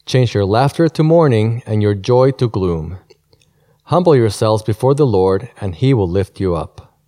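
A man reading a scripture passage aloud in a slow, solemn way. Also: lowish voice, lively intonation, dark tone. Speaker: scripture reader.

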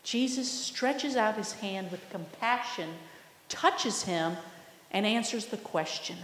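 A woman's voice: mid-range voice, expressive, fairly bright tone. A woman preaching a sermon, earnest and teaching in manner. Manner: earnest, teaching, slow and deliberate. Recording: echoey hall, long reverb.

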